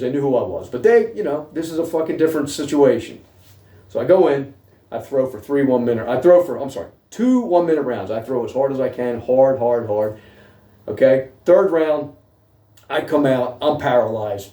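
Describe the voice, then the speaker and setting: A man's voice: mid-range voice, warm tone, far from the mic. A middle-aged man telling his own story in a blunt, casual way, swearing heavily and checking in with "okay?". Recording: roomy echo, voice away from mic.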